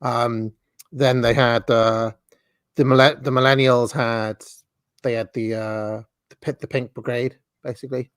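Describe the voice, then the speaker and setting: A man's voice: medium pitch, flat delivery, clean tone, dry recording, clean studio sound. Wry, chuckling man hosting a call. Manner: wry, chuckling, halting restarts. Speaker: host. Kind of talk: casual chat commenting on videos. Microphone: video call.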